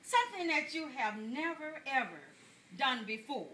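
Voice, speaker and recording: A man's voice: extremely high pitch, sing-song, moderate pace, bright, forceful tone, heavily acted. A man playing a chatty older woman pastor, telling folksy jokes to a congregation and laughing along with them. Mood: amused preaching. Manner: folksy storytelling, laughs at own jokes, addresses congregation as y'all. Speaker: pastor giving a message. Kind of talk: stand-up comedy sermon.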